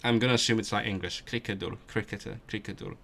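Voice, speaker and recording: A man's voice: steady tone, creaky, a bit bright. A man on a study stream, thinking aloud and repeating vocabulary to himself with frequent restarts. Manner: repeats words slowly, muttering to himself as he drills vocabulary; self-talk with restarts, low-key. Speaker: language learner streamer.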